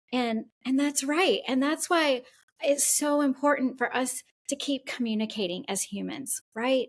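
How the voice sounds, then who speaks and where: A woman co-hosts a casual podcast conversation. She talks effusively and wears her emotions openly, and her voice sits a little high. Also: unhurried. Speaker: podcast co-host.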